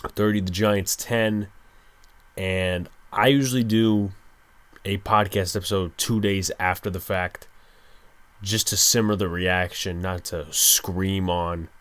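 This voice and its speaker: A young man hosting a solo sports podcast, speaking low and hushed late at night, with a resigned, frustrated fan's tone. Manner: resigned, frustrated fan rant. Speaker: podcast host.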